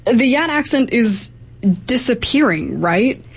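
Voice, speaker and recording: A woman's voice: a little high, very animated, slow pace, husky. A woman reporter asking interview questions with a curious tone.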